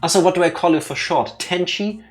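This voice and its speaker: A man hosting a let's play, commenting on the game in an excitable, joking way with quick asides. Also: sits high, soft background music. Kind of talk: casual gameplay commentary.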